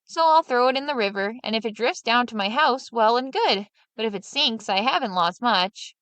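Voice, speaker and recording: A woman's voice: on the high side, animated, moderate pace, fairly bright tone, no room sound. A woman voicing a clever, scheming peasant man who talks in a sly, coaxing way, in a storybook reading.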